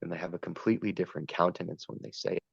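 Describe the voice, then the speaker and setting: A man's voice: sits low, steady tone, racing, vocal fry, husky, no room sound, lo-fi sound. A man talking earnestly and at length in a spiritual conversation, wandering between ideas and stories. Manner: meandering, earnest, storytelling. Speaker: podcast guest.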